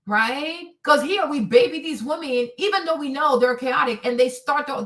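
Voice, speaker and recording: Woman streamer going off on a rant, high voice, sits kinda far from the mic. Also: moderate pace, hardly any pauses, fairly bright tone. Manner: emphatic, ranting, repeats points for effect. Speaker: streamer host. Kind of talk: live-stream commentary.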